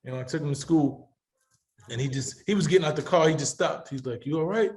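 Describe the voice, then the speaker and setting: A man with a fairly high voice leads a panel discussion as its host. He speaks with passion and emphasis, circling back over his words as he drives each point home. He sounds middle-aged. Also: quick pace, darkish tone. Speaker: talk show host.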